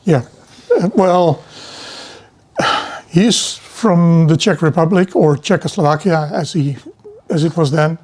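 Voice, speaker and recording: A middle-aged man giving a university lecture in a relaxed, digressive way, often restarting his sentences. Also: fairly high pitch, takes it slowly.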